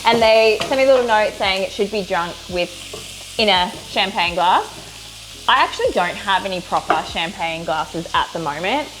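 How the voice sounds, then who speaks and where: A woman's voice: medium pitch, animated, moderate pace, fairly bright tone, a little hiss or hum. A woman chatting casually at home and describing a drink she was sent, with a chatty manner and plenty of ums. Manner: bubbly, chatty, lots of ums. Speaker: co-host, drinks reviewer. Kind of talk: casual chat. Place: home kitchen.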